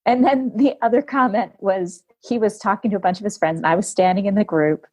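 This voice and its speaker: Warm-voiced woman hosting a podcast. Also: medium pitch, fairly quick, few pauses. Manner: animated, laughs while telling stories. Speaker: podcast host. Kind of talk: casual conversational storytelling.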